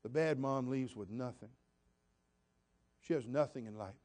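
A man's voice: medium pitch, unhurried, darkish tone. A man preaching a sermon as pastor, emphatic and repetitive, putting direct questions to the congregation.

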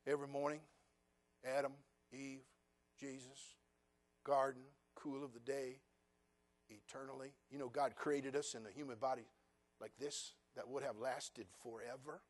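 A man preaching a sermon as pastor, peppering the congregation with questions and sarcastic asides, dropping to quiet remarks and then building to loud, driving passages. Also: medium pitch, flat delivery, unhurried.

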